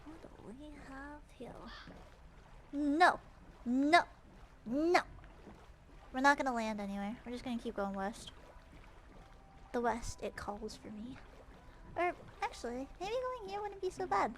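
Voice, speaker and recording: High bright playful woman streamer. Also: expressive, normal speed, slight background noise. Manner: playful, exaggerated, repeats phrases. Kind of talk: casual game livestream chatter.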